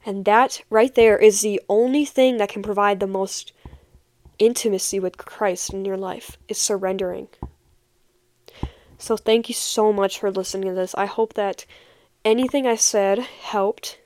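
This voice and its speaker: A woman's voice: mid-range voice, steady tone, measured pace, darkish tone, no echo, clean studio sound. A young woman and podcast host giving a heartfelt personal faith testimony, speaking earnestly and repeating key phrases for emphasis.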